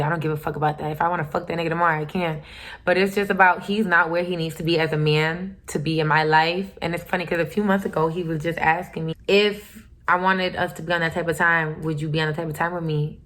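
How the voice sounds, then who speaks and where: A woman's voice: on the low side, steady tone, fast talker, a bit bright. A young woman telling a story to her channel in a candid, profane and emphatic way. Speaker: vlogger. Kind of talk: casual storytime.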